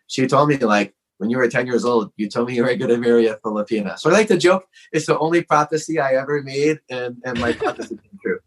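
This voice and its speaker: A man's voice: medium pitch, a bit bright, rough recording. A man as a podcast guest, telling a personal story in a frank, earnest way with lots of casual "like" fillers.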